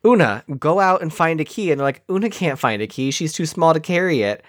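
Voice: medium pitch, animated, brisk, no echo, clean studio sound. A podcast co-host recapping a movie in casual chat, sarcastic and profane, acting out the scenes.

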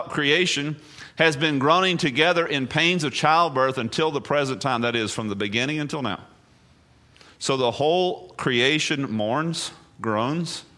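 A man, a pastor, preaching a sermon full of rhetorical questions, swinging between hushed, low passages and emphatic, raised ones.

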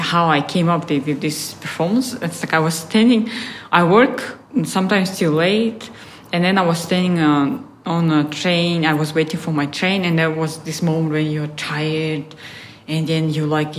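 A Russian woman, an artist appearing as a guest, speaks in a low voice during a casual interview. She reflects at length with plenty of fillers and some frustrated swearing. The recording has a roomy echo and a little hiss or hum.

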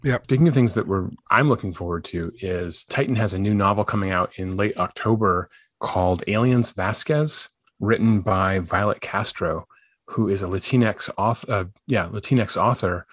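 A man's voice: fairly low pitch, normal speed, dry recording, studio quality. A man hosting a podcast, chatting casually and enthusiastically about upcoming film and book news. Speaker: podcast host.

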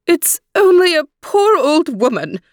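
A woman voicing an evil queen disguised as a squeaky old woman, who talks in a falsely sweet, wheedling way. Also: sing-song, measured pace, no room sound, clean studio sound, exaggerated voice.

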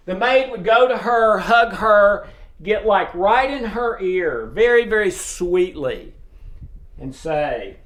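A man giving an informal sermon, earnest and emphatic, with frequent pauses and fillers. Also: high-pitched, lively intonation, fairly bright tone. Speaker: preacher. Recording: roomy echo.

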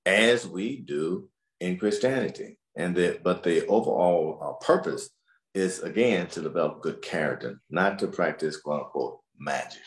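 A man, a scholar, answering interview questions in a measured, explanatory way. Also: deep voice, echoey room. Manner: measured, explanatory, repeats words.

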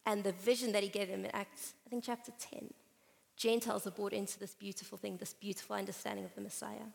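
A woman preaching at a conference, moving between scripture reading and relaxed, story-driven explanation. Her voice has a gravelly edge. The sound carries the long reverb of a large hall. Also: medium pitch. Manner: conversational, storytelling with playful asides. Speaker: conference speaker. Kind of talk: sermon with Bible reading.

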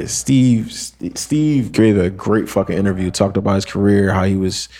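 A man's voice: fairly low pitch, steady tone, moderate pace, mellow. A young man on a podcast, telling a long story in casual slang, acting out quotes and using lots of fillers. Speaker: podcast co-host.

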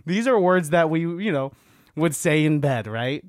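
A man co-hosting a casual chat, animated and quick to laugh as he tells stories. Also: a little high, dry recording, clean studio sound. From Filipino family. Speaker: podcast co-host.

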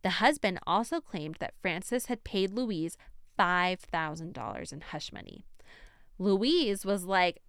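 A woman's voice: lowish voice, lively intonation, a little slow, a bit bright, smooth, no echo, clean studio sound. A young woman hosting a true crime podcast, telling the story in a chatty, casual way with frequent laughter and emphatic asides.

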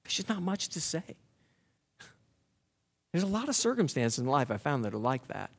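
A man's voice: fairly high pitch, sing-song, normal speed, gravelly. A man, a pastor giving a sermon, talking in a conversational, heartfelt way that builds to emphatic preaching.

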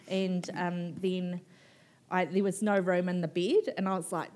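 Frank, lower-pitched New woman. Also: measured pace. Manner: frank and animated, swears casually, laughs often, peppers speech with "like". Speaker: author guest at a book festival. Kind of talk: candid conversational storytelling. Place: live book festival stage.

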